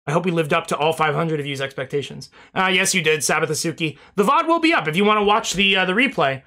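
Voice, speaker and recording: A man's voice: fairly high pitch, animated, fast, sharp tone. A young man streaming, rambling casually through thank-yous to his chat and swearing now and then, a little out of breath.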